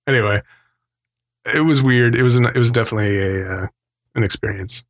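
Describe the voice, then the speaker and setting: A man in casual podcast chat, talking at an ordinary middle pitch. He rambles along, laughs often, and slips into the voices of the people he quotes. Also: animated, normal speed, a bit bright. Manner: rambling storyteller who acts out quoted voices; laughs often between remarks. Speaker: podcast co-host.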